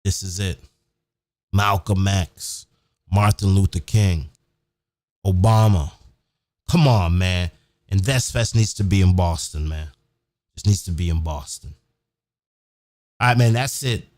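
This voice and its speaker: Deep and a little mellow, this man's voice moves slowly with many pauses, in clean studio sound with no room noise. Broadcasting his podcast live from home near a big city, he rants with profanity and emphasis, repeating himself and tagging lines with "man."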